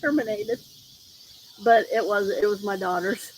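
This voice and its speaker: A livestream host speaks a little slowly in a mid-range voice, recorded on a phone in a low-quality take with a little hiss or hum. She's outdoors near a road at night, insects and crickets loud in the background, telling rambling stories and acting out what people said.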